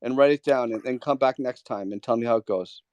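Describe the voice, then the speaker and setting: A man's voice: medium pitch, brisk, darkish tone, clean tone, no echo, lo-fi sound. A man hosting a live trading Q&A, talking casually and coaching callers with emphatic, repeated points. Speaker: host of a trading Q&A. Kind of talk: casual mentoring talk.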